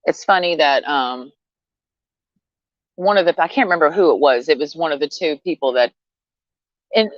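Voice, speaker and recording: Blunt, low-voiced woman venting. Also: moderate pace, long pauses, dry recording, dull audio. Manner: blunt, profane, rambling. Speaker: vlogger. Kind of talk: casual rant to camera.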